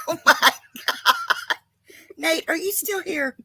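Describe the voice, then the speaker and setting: A woman's voice: extremely high pitch, slow, sharp tone, no room sound, poor audio. A woman co-hosting a casual livestream chat, chatty and laughing often. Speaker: co-host.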